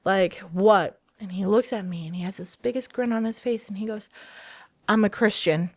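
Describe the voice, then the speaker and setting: Animated woman telling a story, dry sound. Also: medium pitch, a little fast, no room sound. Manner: animated, acts out quoted dialogue with laughter. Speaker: guest. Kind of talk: casual storytelling interview.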